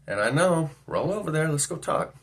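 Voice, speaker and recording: Guy with a slightly high voice rambling through a story, kinda musing out loud. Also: lively intonation, moderate pace, vocal fry. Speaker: vlogger. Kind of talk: casual storytelling monologue.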